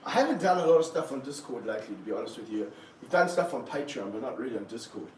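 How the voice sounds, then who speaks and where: A man keeping snakes, talking through a live stream as he handles one, with excited bursts and low muttered asides. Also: fast talker. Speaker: snake keeper. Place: room of snake enclosures, indoors. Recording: roomy, from a distance, faint background hum.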